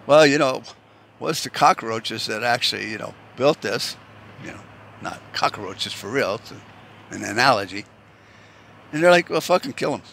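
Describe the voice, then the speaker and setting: A man's voice: medium pitch, lively intonation, moderate pace, creaky, pauses often, a bit bright, slight background noise. A man from the United States delivering a heated, rambling, profane rant and restarting his sentences often. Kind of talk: ranting monologue.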